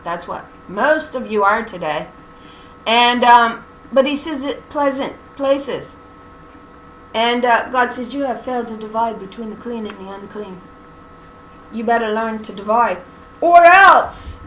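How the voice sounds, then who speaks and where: A woman's voice: fairly high pitch, fairly bright tone. A woman teaching scripture in an emphatic preaching style, mixing colloquial, sarcastic asides into her reading. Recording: echoey room with faint hum.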